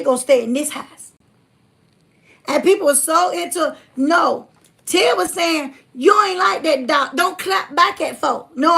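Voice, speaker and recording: Fiery gravelly high-voiced woman. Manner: blunt, fiery, down-home talk, swings from loud to hushed. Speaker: livestream host reading viewer comments. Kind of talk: casual preachy livestream talk.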